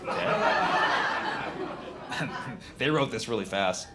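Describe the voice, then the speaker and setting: A man doing a stand-up comedy routine, mocking text messages, switching between a flat deadpan read and loud, excited punchlines. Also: medium pitch, measured pace, slight background noise. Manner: animated, mocking, reads texts aloud in flat deadpan, shouts punchlines.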